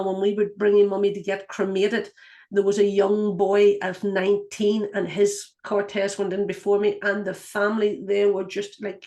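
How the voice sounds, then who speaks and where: A woman with a mid-range voice, an intuitive guide and clairvoyant, teaches and tells stories in a casual spoken way. She comes across as earnest and rambling, with many restarts and fillers.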